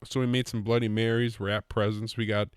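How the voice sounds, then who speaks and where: A man's voice: lowish voice, flat delivery, fairly quick, smooth, no echo, clean studio sound. A man hosting his own podcast, chatting in a rambling, joking way and often cutting himself off mid-sentence. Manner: rambling, self-interrupting, joking. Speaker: podcast host. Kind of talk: casual solo podcast monologue.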